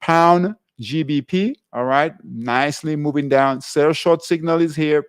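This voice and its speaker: A man hosting a live trading class, stepping through currency pair charts in a halting way and filling the gaps with "all right". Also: fairly high pitch, clear, resonant tone, no room sound, clean studio sound. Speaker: trading show host.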